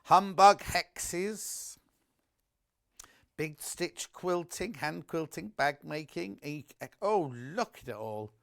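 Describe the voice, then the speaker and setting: A man's voice: on the high side, lively intonation, slow pace, vocal fry, fairly bright tone. A man presenting a live home shopping broadcast, chatty and gushing, reading out viewer messages as he shows products.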